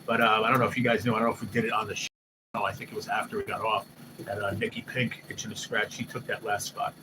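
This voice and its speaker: A man hosting a live stream, chatting casually and excitably, swearing loosely and often mimicking what others said. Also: lowish voice, fast talker. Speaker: livestream host. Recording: noisy background hum.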